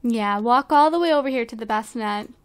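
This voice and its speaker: High-pitched girl doing chatty gameplay commentary, giggly, gushes over cute stuff. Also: fairly quick, smooth. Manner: bubbly and giggly, gushing over cute things. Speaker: let's play host.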